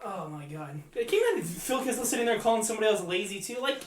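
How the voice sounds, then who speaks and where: A man co-hosting a casual hockey podcast, talking animatedly and breaking into laughter and loud gruff impressions. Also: sits high, animated, fast, roomy sound, crowd noise. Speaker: podcast co-host.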